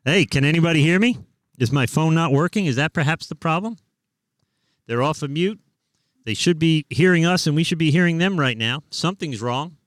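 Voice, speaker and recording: A man's voice: fairly high pitch, animated, a little fast, no echo. A man who is a pastor, hosting a live show and chatting casually and jokingly with callers. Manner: easygoing, joking.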